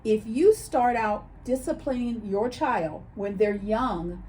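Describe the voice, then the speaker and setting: A woman's voice: a little high, takes it slowly, a little hiss or hum. A woman co-hosting a casual chat show, telling stories and acting out quoted voices as she talks. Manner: animated storyteller, acts out quoted voices. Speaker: co-host.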